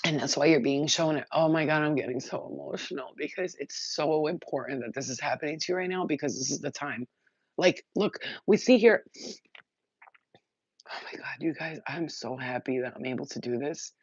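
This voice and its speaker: A woman giving a channeled spiritual message to her viewers, talking in an excited, rambling and emotional way, and cursing now and then. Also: deep voice, a little fast, husky, no room sound, dull audio. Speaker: spiritual reader.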